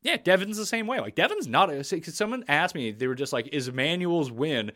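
A man's voice: sits high, big pitch swings, fast talker, bright, forceful tone. A man hosting a podcast, chatting casually and bluntly about a reality show. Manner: blunt, opinionated. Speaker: podcast host.

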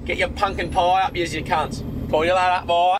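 A man's voice: high voice, level tone, brisk, background noise. A man leaving a rambling, swearing voice message from outdoors near cars. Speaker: caller. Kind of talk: recorded voice message.

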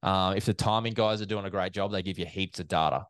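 A man, an event MC chatting in an interview as a lively storyteller, with many fillers and restarts. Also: low voice, fast, clear, resonant tone, dry recording. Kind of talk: casual interview chat.

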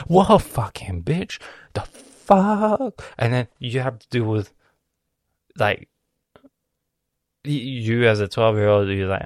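A man from Lebanon delivering a profane comedic rant, swearing constantly and swinging from loud outbursts to hissed whispers. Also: mid-range voice, expressive, slow pace, long pauses, no echo, clean studio sound.

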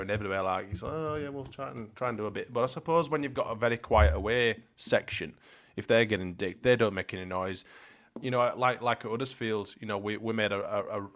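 A man co-hosting a football podcast who talks in loose, rambling banter. He curses without a second thought and keeps breaking into laughter between points. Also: mid-range voice. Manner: swears freely, laughs often, rambling. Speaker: podcast co-host.

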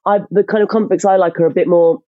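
An actress chatting as a guest in an interview, telling lively stories with lots of restarts. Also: female voice, fairly low pitch, fast talker, no echo, highs cut off. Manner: animated storyteller, frequent restarts. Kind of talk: casual interview chat.

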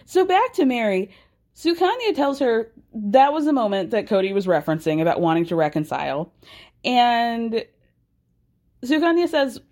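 A young woman hosts a gossipy TV recap in a sassy, sarcastic tone. Her voice sits a little high and swoops all over the place as she riffs. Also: normal speed. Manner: sassy and animated, with sarcastic asides. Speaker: recap podcast host.

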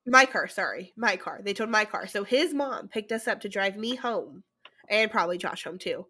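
Lively bright-voiced woman chatting. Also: medium pitch. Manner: chatty, quick to laugh along. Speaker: podcast co-host. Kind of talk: casual chat.

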